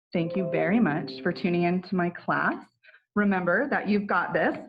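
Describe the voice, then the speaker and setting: A middle-aged woman gives an online class in an earnest, halting way, full of ums and restarts. Her voice sits low with a gravelly edge, and the recording sounds dull and lo-fi. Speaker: class presenter.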